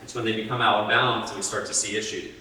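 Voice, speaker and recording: A man's voice: fairly low pitch, little pitch movement, fast, bright, forceful tone, a little hiss or hum. Man lecturing from across an echoey hall. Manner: conversational, asks the audience questions. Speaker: speaker at a health talk. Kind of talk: live presentation to an audience. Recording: roomy hall, distant mic.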